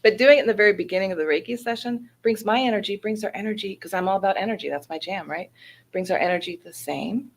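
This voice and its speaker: A woman and Reiki practitioner talking in a casual interview, energetic and animated, acting out quotes as she tells her stories. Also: mid-range voice, fast talker, vocal fry. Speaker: Reiki practitioner, wellness center guest.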